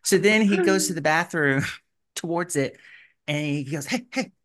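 A man's voice: a little high, unhurried, a little hiss or hum. A man casually telling a story on a podcast, acting out the voices of the people he quotes. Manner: animated, acts out quoted voices. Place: residence in a gated community.

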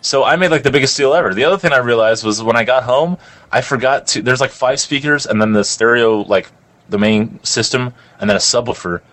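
A man's voice: mid-range voice, a little fast, a bit bright. A young man telling a rambling, crude story in casual chat, full of "like".

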